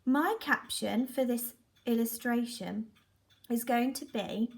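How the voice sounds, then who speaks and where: A woman teaching young children phonics, sounding out letters and words slowly and clearly. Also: on the high side, roomy sound. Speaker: primary school teacher.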